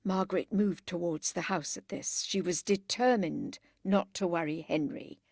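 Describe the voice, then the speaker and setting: A woman reading a classic novel aloud as an audiobook, in measured, expressive scripted narration. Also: fairly low pitch, creaky, no room sound, studio quality.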